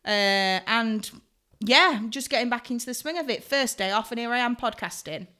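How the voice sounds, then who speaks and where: Her voice a little high and her pace moderate, a young hairdresser and podcast co-host chats casually. She's an animated storyteller who acts out quotes as she goes.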